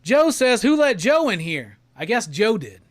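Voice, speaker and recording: A man's voice: high-pitched, sing-song, unhurried, dry recording. A man hosting a casual live stream, reading viewer messages aloud and joking with the chat. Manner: reads viewer super chats aloud and jokes around. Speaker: livestream host. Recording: loud music playing behind the voice.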